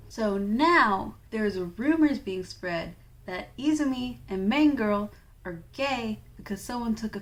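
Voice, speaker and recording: A young woman with a mid-range voice casually recaps a manga she has just read. Her delivery is loose and chatty, packed with fillers and sprinkled with wry, offhand asides.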